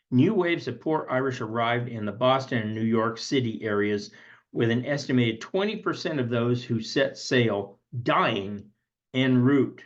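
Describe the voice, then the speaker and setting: A man's voice: medium pitch, highs cut off. Man giving a recorded history lesson. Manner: conversational, reads from a textbook with asides. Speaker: history teacher and author.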